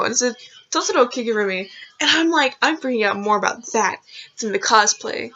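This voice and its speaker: A woman's voice: on the high side, animated, normal speed, pushed and bright, soft background music. A young woman vlogger rambling through embarrassing personal stories, full of fillers and casual swearing. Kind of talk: casual storytelling. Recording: lo-fi dull sound.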